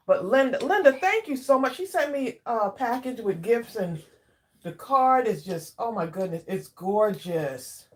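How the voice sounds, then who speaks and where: A woman hosting a casual craft livestream, chatting warmly with viewers by name and drawing out her exclamations while she eats. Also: a little high, expressive, measured pace. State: eating while talking. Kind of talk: casual live chat with viewers.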